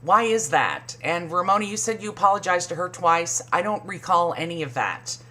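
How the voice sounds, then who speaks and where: A woman's voice: animated, normal speed, pushed and bright. A woman recapping a reality show in casual, profane commentary, sarcastic and mocking. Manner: sarcastic, swears a lot, mimics people in high voices.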